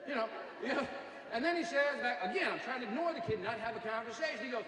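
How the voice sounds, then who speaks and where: A man's voice: very high voice, racing, a crowd in the background. A middle-aged man giving a motivational speech, telling stories with jokes. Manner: energetic storytelling with jokes. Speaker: motivational speaker. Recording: echoey hall from far off.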